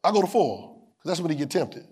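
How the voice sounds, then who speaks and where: A male preacher with a high voice that rises and falls as he works the congregation. He repeats his lines for weight and asks if they are hearing him. He builds to loud peaks and then drops back down. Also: big pitch swings, fast, breathy edge. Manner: call-and-response preaching, rising to shouts. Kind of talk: sermon.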